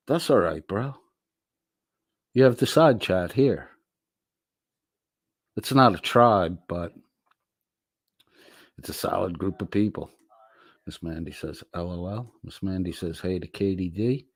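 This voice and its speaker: A middle-aged man hosts a laid-back livestream, reading chat messages aloud and firing back with slow, drawling, profane banter. His voice sits lowish, and the clean studio recording has no room sound.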